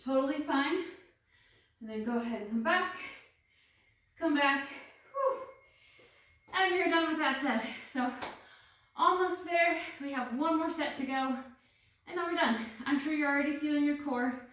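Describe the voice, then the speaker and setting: A young woman with a high voice and a fairly bright tone leads a workout at a moderate pace, counting reps and cheering people on while out of breath. She's a fitness instructor giving guided workout instruction. The recording comes from a very echoey room with the mic placed far away.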